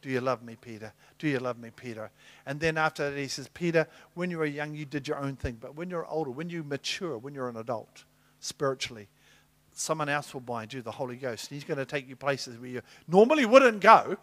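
A middle-aged man preaching a sermon, telling Bible stories and acting out the dialogue with big swings in loudness. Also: mid-range voice, a little fast. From New Zealand. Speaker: apostle preaching.

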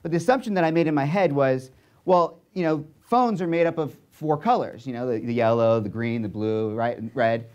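A young man speaking to an audience, telling a story in an animated way and checking in often with "right?" and "okay?". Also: medium pitch, fairly quick, smooth, highs cut off.

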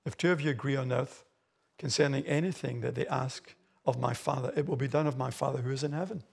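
Gravelly Australian pastor preaching. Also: male voice, medium pitch, fairly even intonation, quick pace. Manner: emphatic preaching, rising loud on key phrases. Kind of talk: sermon. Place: church hall.

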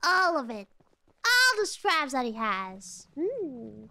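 A woman VTuber chatting through a game in a high, bright voice. She is playful and excitable, humming and repeating silly words in sing-song. Her pitch leaps around while her pace stays unhurried. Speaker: VTuber streamer. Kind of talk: casual gameplay commentary.

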